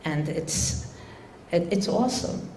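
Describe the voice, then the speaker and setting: A woman's voice: fairly low pitch, animated, takes it slowly, a little mellow, slight background noise. An older woman giving a religious talk to an audience, telling a story unhurriedly with many fillers and restarts. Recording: echoey room.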